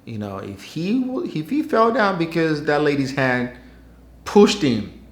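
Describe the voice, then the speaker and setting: A man's voice: a little high, very animated, unhurried. A man hosting his own channel, giving wry, skeptical commentary in a conversational way. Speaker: channel host. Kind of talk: news commentary vlog. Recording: roomy, echoey room.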